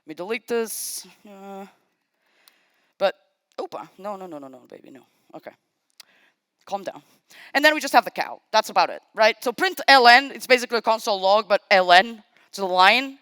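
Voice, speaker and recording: A woman giving a live-coding talk at a conference. She is chatty and casual, makes self-deprecating asides, thinks out loud as she types, and speaks directly to the audience. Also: mid-range voice, lively intonation, normal speed, pauses often, clear, resonant tone, dry recording. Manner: thinks aloud while typing, talks to the audience. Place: conference stage.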